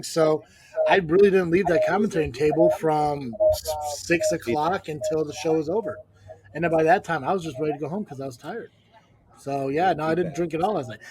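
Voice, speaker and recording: A laid-back young man hosts a loose podcast chat. His voice sits a little high for a man, and he trails off into muttered asides. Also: a little mellow. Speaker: podcast host and wrestling promoter.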